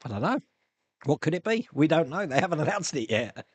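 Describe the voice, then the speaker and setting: Animated chatty man hosting a live stream. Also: a little high, a little fast, slightly rough, no room sound. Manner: chatty, rambling, reads viewer comments aloud. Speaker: live stream host answering viewer questions. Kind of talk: casual chat. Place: home hobby room.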